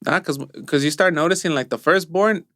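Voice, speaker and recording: A young Mexican man co-hosts a casual podcast chat, telling stories about work and sprinkling in Spanish phrases. His voice is on the high side, a bit bright, and a little fast, recorded in studio quality with no echo.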